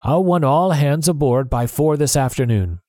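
A man voicing an excitable, commanding country gentleman in a storybook reading. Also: a little high, moderate pace, dry recording, clean studio sound, pitched above the performer's own voice, close to an everyday voice. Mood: eager. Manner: eager, commanding.

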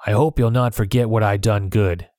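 A man voicing a genial, scheming old male pirate cook in a storybook reading, in a higher jovial voice. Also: steady tone, moderate pace, a little mellow, dry recording, clean studio sound, lightly acted. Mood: crafty.

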